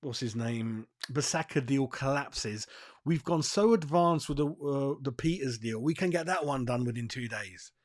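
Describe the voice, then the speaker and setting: A man's voice: medium pitch, normal speed. A man hosting a football fan channel, giving a blunt, profane and fired-up rant on transfer news. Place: seated, in a dry room.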